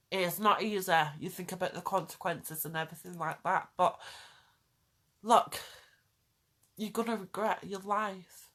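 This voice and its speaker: A woman speaking straight to her audience in a passionate vlog rant. She pleads and presses her point, circling back to the same phrases again and again. Her voice sits at an ordinary middle pitch for a woman. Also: a bit bright. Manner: urgent, pleading, repeats phrases for emphasis. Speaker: vlogger. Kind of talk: impassioned direct-to-camera rant.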